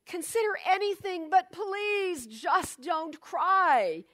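A woman's voice: very high-pitched, lively intonation, slow, fairly bright tone, pitched above the performer's own voice, heavily acted. A woman voicing a fretful old queen who fusses and pleads, read out during a spiritual talk. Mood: pleading. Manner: fussing, pleading. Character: fretful old queen wringing her hands.

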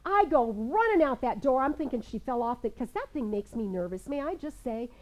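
High-voiced older woman minister preaching. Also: a little hiss or hum, poor audio. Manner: lively storytelling that slows into calm, measured prayer. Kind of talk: sermon and guided prayer. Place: in front of a seated congregation in a room.

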